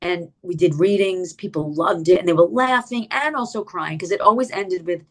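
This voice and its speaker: Animated middle-aged woman, low voice. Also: normal speed. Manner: animated, acts out quoted dialogue with big pitch jumps; frequent "like" and "you know" fillers. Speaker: guest. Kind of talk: personal storytelling in an interview.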